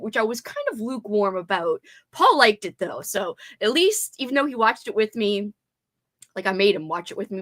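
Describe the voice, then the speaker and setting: On her laid-back booktube livestream, a cheerful woman laughs frequently and welcomes viewers by name during live chat. Her pitch is fairly high, and her tone fairly bright.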